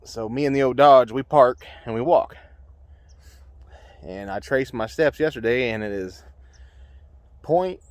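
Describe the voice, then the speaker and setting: A man's voice: medium pitch, measured pace, pauses often, no echo. A man, narrating his trapline outdoors in a folksy, rambling way with lots of fillers, somewhat out of breath. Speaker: trapper. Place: outdoors by ponds.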